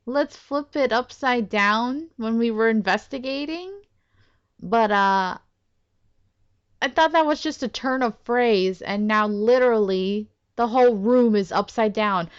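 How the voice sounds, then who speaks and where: A woman giving casual commentary as she plays a game, excitable, exclaiming and laughing often. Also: on the high side, dull audio. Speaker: let's play gamer.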